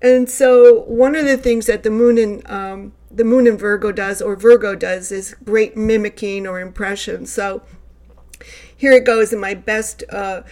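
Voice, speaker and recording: A woman astrologer talks through the planets in a casual vlog monologue. Her voice sits at an ordinary middle pitch, and her delivery is earnest and conversational, with loose, wandering sentences. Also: steady tone, unhurried, a little mellow.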